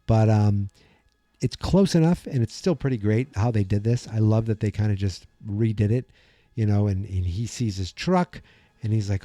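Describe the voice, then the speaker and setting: A middle-aged man hosting a podcast, chatting casually about a film and acting out its lines in quick voices as he rambles. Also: fairly low pitch, dark tone, no room sound. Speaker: podcast host. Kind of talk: casual movie commentary.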